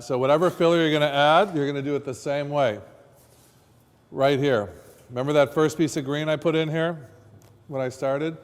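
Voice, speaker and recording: A man's voice: fairly high pitch, fairly even intonation, normal speed, clean tone. Chatty man teaching in a reverberant hall. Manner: chatty, coaching, quizzes students. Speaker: floristry instructor. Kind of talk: hands-on demonstration lesson.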